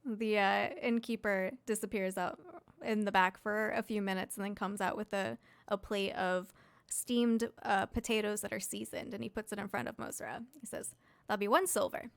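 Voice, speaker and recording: A woman's voice: mid-range voice, steady tone, normal speed, gravelly, smooth. A woman narrating a tabletop game as dungeon master, casual and laughing often.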